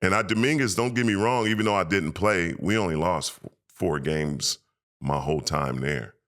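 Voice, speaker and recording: A man, a former pro basketball player, telling emotional, animated stories as a podcast guest and acting out quoted voices. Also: deep voice, normal speed. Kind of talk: casual storytelling interview.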